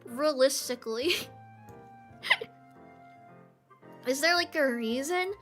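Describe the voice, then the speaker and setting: A woman's voice: high-pitched, lively intonation, slow, long pauses, fairly bright tone, faint music behind. A young woman chatting casually on a livestream, giggly, rambling and playfully dramatic. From Australia. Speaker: streamer.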